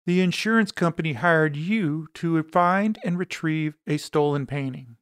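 A man voicing an angry, demanding woman who heads an insurance office, ranting and sharp-tongued. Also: a little high, measured pace, clean tone, no echo, clean studio sound, close to an everyday voice. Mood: furious.

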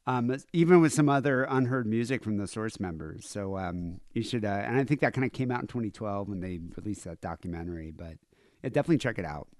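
A man's voice: fairly low pitch, fast, darkish tone, dry recording, clean studio sound. A man hosting a podcast, chatting casually and rambling with lots of fillers. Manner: rambling, filler-heavy, laughs easily. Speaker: podcast host. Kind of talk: casual chat.

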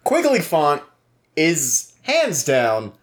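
A man co-hosting a podcast in casual, joking banter, playful and quick to swear. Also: fairly high pitch, wildly swooping pitch. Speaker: podcast co-host.

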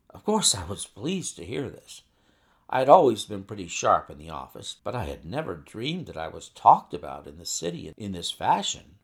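A man reading a classic short story aloud in an expressive first-person narration. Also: on the low side, moderate pace, gravelly. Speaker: audiobook narrator.

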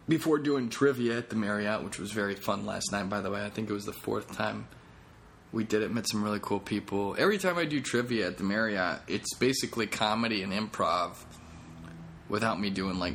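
A man's voice: fairly low pitch, brisk, gravelly, fairly bright tone, slight background noise. A comedian hosting his own podcast, talking in a rambling, jokey, self-deprecating way. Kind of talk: casual podcast monologue.

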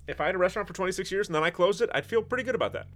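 A man's voice: high-pitched, lively intonation, very fast, fairly bright tone. A man who is a chef, hosting a casual podcast chat with a wry, sarcastic, rambling manner.

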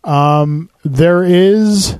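A man's voice: high voice, darkish tone, clear, resonant tone, dry recording. A man co-hosting a casual podcast, chatting about comics and films and explaining story plots at length. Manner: talks fast, explains stories at length. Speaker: podcast co-host.

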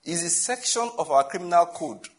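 Man, Nigerian accent, pastor, sermon, chatty and humorous, rhetorical questions, fairly high voice. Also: animated, moderate pace.

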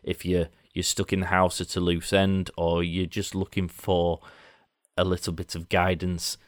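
A man's voice: low-pitched, completely flat delivery, normal speed, dry recording, studio quality. A man with a Yorkshire accent hosting a casual business podcast, chatty and rambling, laughing often. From Leeds, England. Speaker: podcast host. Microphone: remote online call.

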